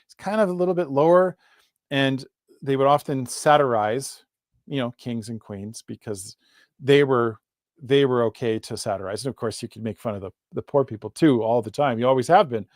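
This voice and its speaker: A man's voice: mid-range voice, no echo, studio quality. Chatty male literature teacher. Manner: chatty, self-correcting, reads poetry slowly with stressed rhythm. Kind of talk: live online class lecture.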